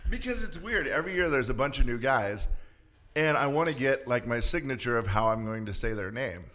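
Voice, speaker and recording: A man chatting as a guest on a podcast, telling funny stories with an animated, laughing delivery. His pitch swings widely as he acts out conversations. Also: brisk. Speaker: arena announcer as podcast guest. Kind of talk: casual chat.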